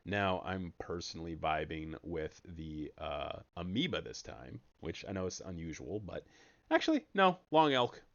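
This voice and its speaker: A man giving casual, jokey commentary while streaming a card game, breaking into sudden high excited yelps. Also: unhurried, vocal fry, few pauses, dull audio.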